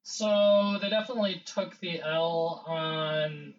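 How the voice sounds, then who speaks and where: A man's voice: on the high side, slow pace. A man co-hosting a casual podcast chat, blunt and wisecracking. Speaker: podcast co-host. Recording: distant, dull-sounding mic.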